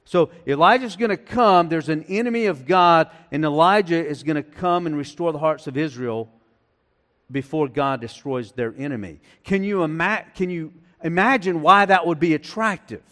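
Male pastor, sermon, slightly higher voice, conversational with restarts, reverberant church hall. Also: moderate pace, fairly bright tone. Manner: conversational, many restarts and fillers.

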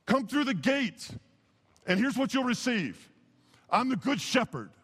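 A man preaching a sermon as pastor, impassioned, swinging from hushed lines to emphatic ones. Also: very high-pitched, sing-song, a little slow, breathy edge, long reverb tail. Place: church sanctuary.

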